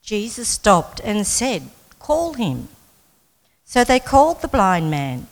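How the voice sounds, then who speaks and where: A woman reading scripture aloud in a measured, careful way before a sermon. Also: medium pitch, sing-song, big-room sound, low-quality recording. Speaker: scripture reader.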